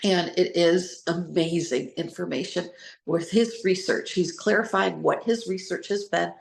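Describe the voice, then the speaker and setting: Earnest woman, gravelly, in an echoey room. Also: fairly low pitch, measured pace, slight background noise. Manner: earnest, spells out words, rambles with restarts. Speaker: host, trauma recovery speaker. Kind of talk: informal talk to listeners.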